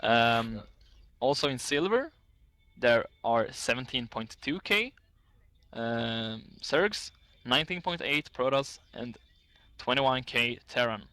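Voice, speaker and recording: A man's voice: mid-range voice, lively intonation, slow, sharp tone, no room sound. A man casting an esports match, chatting casually and reading out statistics with frequent laughs. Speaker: esports caster.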